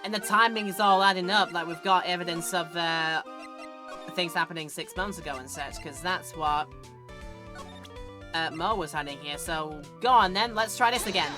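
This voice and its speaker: Woman streamer, lowish voice, playful rambling game commentary over music. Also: normal speed.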